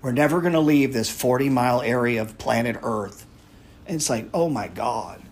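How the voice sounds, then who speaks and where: A man's voice: medium pitch, moderate pace, a little mellow, breathy edge. A man hosting a live audio chat room, talking casually in a blunt, profane, rambling way. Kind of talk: casual talk.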